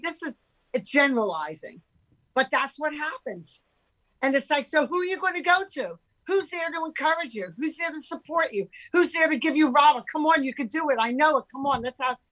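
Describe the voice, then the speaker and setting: Woman, 60s, entrepreneur guest; animated, emphatic talker. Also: a little high, poor audio. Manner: animated, emphatic, with rhetorical questions. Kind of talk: casual chat.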